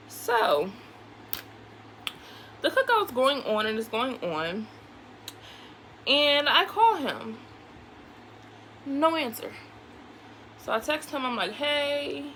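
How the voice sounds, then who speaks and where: A woman vlogger chatting through a storytime while she does her makeup, animated and candid, acting out the people in her story and swearing casually. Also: high-pitched, normal speed, pauses often, a little hiss or hum, low-quality recording. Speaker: beauty vlogger.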